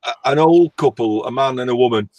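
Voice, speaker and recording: A man's voice: mid-range voice, a little fast, a little mellow, dry recording, rough recording. A man from Lancashire with a northern English accent, telling stories in casual chat with dry humor. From Lancashire, England. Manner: chatty storyteller, dry humor.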